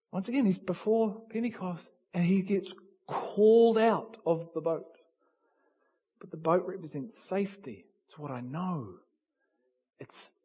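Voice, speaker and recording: Male preacher, slightly high husky voice, dramatic sermon delivery with big volume swings. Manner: swings from hushed to shouting, acts out dialogue.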